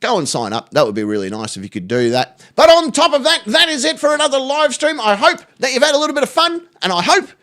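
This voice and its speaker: A man's voice: very high voice, sing-song, quick pace, hardly any pauses, sharp tone. A man hosting a live stream, chatting casually and telling jokes, often swearing. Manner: sweary, joking storyteller.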